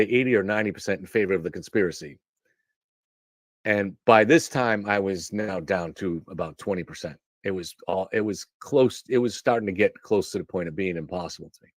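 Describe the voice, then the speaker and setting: Here a show host, his voice on the low side, meanders through a story during a casual live-stream monologue. He keeps breaking off to restart sentences and slips into tangents, captured close-up and dry with no echo.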